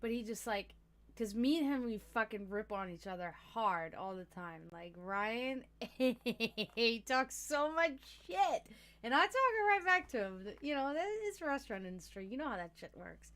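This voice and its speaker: A woman talking casually to her stream audience in a slightly high voice. She rambles, swears freely and breaks into laughter often. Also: very animated, normal speed, a bit bright. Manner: chatty, profane, laughs often. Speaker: livestream host.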